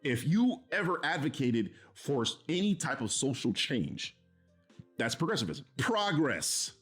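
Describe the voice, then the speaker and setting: A man's voice: mid-range voice, very animated, a little slow, fairly bright tone, breathy edge, soft background music. A man streaming, reacting to a video in heated casual commentary, swearing and mocking with an exasperated tone. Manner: profane, exasperated, mocking laughs.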